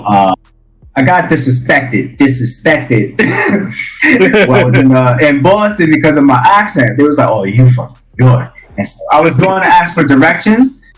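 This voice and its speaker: A man on a gaming podcast telling a story in a relaxed way, with lots of fillers and swearing. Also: medium pitch, poor audio. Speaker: podcast co-host or guest. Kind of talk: casual chat.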